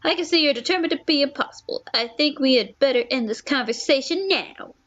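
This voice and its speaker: A woman's voice: sits high, lively intonation, a little fast, a bit bright, muffled recording, pitched above the performer's own voice. A woman voicing a stern, disapproving father in a story game, speaking in a cold, formal scolding tone.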